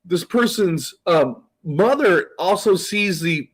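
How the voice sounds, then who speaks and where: A man's voice: high-pitched, animated, takes it slowly, breathy edge, low-quality recording. A man talking as a guest in a casual chat, rambling and swearing as he tells stories full of quoted dialogue.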